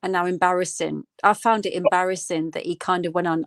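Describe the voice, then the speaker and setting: A woman's voice: on the low side, fast, hardly any pauses, no echo. A woman calling into a live stream in casual chat, hesitant with many ums and you-knows, sounding indignant. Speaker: caller on a livestream panel.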